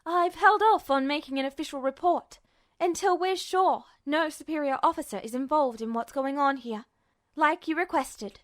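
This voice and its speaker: Woman as a crisp, deadpan woman lieutenant. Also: high voice, normal speed, natural voice. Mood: brisk, deadpan. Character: composed, dangerous woman lieutenant with dry humor.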